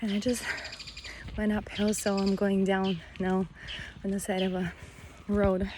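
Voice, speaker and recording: A chatty woman vlogging outdoors as she walks a country road, a little winded from the climb. Her voice sits in an ordinary middle pitch, loose and rambling, with lots of ums. Faint outdoor ambience hums behind her. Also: level tone, a little slow, background noise. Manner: chatty, rambling, with many fillers. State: a little out of breath. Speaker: vlogger, mother of five. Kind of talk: casual vlog talk while walking.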